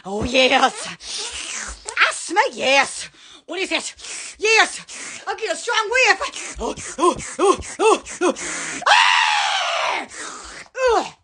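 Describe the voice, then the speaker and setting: A woman's voice: very high voice, sharp tone. A woman hosting a silly live stream, goofy and squealing, laughing a lot. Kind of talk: silly improvised live chat.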